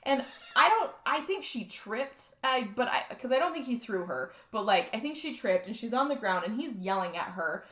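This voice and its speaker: Woman podcaster recapping a film, kinda high voice, does all the character lines, echoey room. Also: animated, bright, forceful tone. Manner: chatty, acts out characters' lines in quick bursts. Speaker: podcast co-host. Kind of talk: casual movie recap chat.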